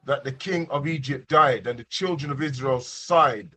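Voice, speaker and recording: A man at middle pitch reading scripture aloud for a bible study group. His reading is plain and careful, with small stumbles over hard names. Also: moderate pace, bright, forceful tone. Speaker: scripture reader.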